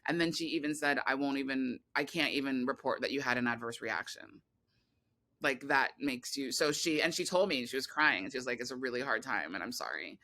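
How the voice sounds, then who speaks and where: Bright-voiced woman telling a rambling story. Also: very deep voice, brisk. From California. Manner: rambling, animated storytelling with many restarts and fillers. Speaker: podcast guest, filmmaker. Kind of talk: casual interview conversation.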